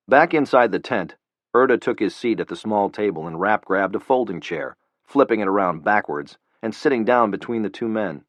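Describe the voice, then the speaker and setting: Low-voiced man narrating a thriller. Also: animated, normal speed, dry recording. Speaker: audiobook narrator. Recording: dull lo-fi, dry.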